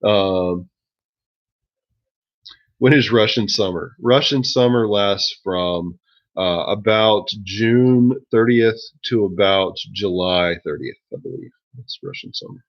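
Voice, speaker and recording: A low-pitched man lecturing his history class, loose and joking, filling his pauses with ums and uhs. The recording is dull and lo-fi. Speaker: history teacher.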